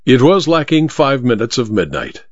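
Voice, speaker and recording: A man narrating a story as an audiobook reader, with an expressive storytelling manner. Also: medium pitch, moderate pace, no echo. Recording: dull lo-fi dry recording.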